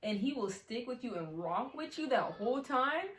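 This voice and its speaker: A woman's voice: fairly high pitch, very animated, normal speed, a bit bright. A young woman telling a rambling, giggly story to the camera in casual chat. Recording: echoey room, faint noise.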